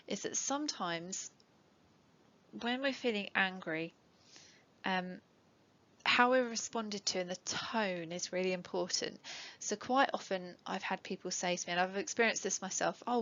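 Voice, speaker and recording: A woman's voice: mid-range voice, a bit bright. A middle-aged woman, an educational psychologist, giving a webinar talk to parents in a conversational way, with many ums and light laughs. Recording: dull lo-fi webinar audio.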